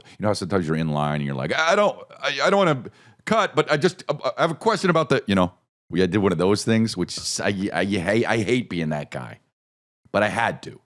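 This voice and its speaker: A middle-aged man hosting a podcast, telling a comedic story with lots of swearing and acted-out voices. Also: sits low. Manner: animated, swearing, acts out voices in his story. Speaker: podcast host.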